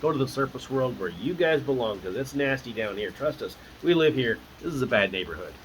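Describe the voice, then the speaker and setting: A wary deep gnome priestess from a tabletop game, blunt and matter-of-fact as she warns and hands out help, as a man recounts her in his own lively voice. A faint hum sits in the background. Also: a little fast, close to an everyday voice, low-quality recording. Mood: warning.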